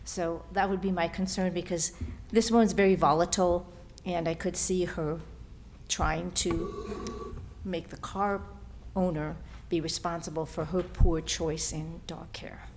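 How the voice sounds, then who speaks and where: A woman, a teacher and local resident, making a firm, measured public comment at a village meeting. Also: lowish voice, steady tone, a little mellow, slight background noise.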